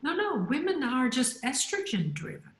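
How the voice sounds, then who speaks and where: A woman's voice: sits high, wildly swooping pitch, moderate pace. Woman coach, middle-aged, lots of ums and restarts, roomy echo on a video call. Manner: chatty, many fillers and restarts. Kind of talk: online panel discussion.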